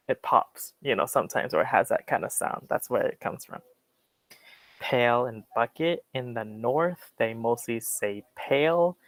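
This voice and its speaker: A man's voice: medium pitch, gravelly, dry recording, rough recording. American man teaching an English class. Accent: General American. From Western United States. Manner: relaxed and explanatory, with many fillers. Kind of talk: classroom lecture.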